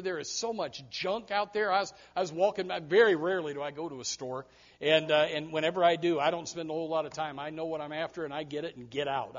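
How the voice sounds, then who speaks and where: A man with a high voice preaches a fiery sermon, moving from muttered asides into loud, stirred-up preaching. He stumbles into quick repeated restarts. The recording sounds dull and lo-fi. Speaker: pastor.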